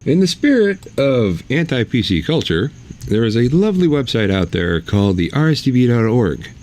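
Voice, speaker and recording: A man's voice: mid-range voice, big pitch swings, normal speed, darkish tone. A man hosting his own podcast, talking in a blunt, sarcastic and mocking way. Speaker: podcast host. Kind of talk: opinionated solo podcast monologue.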